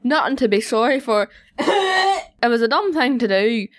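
A woman's voice: on the high side, big pitch swings, moderate pace. A woman reading out the lines of a dying young man in a broad put-on Belfast accent, laughing as she goes. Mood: rueful apology. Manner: reading aloud, breaking into laughter.

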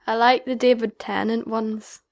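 A woman's voice: a little high, level tone, a little slow. A young girl, giving brief, offhand answers in a casual podcast chat. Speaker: podcast guest.

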